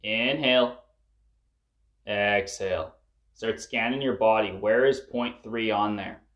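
A man's voice: lowish voice, takes it slowly, a bit bright, highs cut off. A man guiding listeners through a breathwork and emotional release session, coaching them urgently and swearing at the peaks. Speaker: breathwork facilitator.

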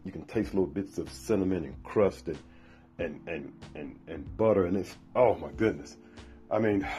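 A man's voice: deep voice, warm tone. A man hosting a casual podcast, talking with enthusiasm and stumbling over restarts. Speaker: podcast host. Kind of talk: casual promotional podcast talk. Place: Birmingham, Alabama.

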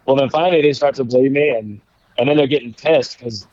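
A man of middle pitch tells a story in a loose, rambling way, with easy laughs along the way. The recording is dry and a little dull, with no room sound. He sounds relaxed, a guest in a conversation. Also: fast, dry recording. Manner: laid-back, rambling, laughs while telling stories. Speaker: former baseball pitcher, guest.

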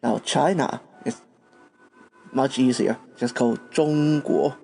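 A man's voice: medium pitch, slow, gravelly, warm tone. A man from Taiwan, a podcast host giving a patient language lesson and spelling out words letter by letter.

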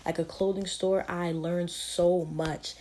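A woman's voice: on the low side, little pitch movement, takes it slowly, warm tone. A young woman in college hosting a casual solo podcast, rambling and self-mocking, full of fillers. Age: young adult. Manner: chatty, rambling, self-deprecating with frequent fillers. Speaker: podcast host.

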